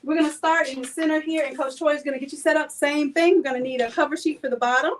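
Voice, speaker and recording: High-pitched lady teaching a live class, playful and chatty, cracks jokes. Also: fairly even intonation, fast talker, rough recording. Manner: playful, chatty, joking with viewers. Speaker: design and printing instructor. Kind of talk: live hands-on demo class.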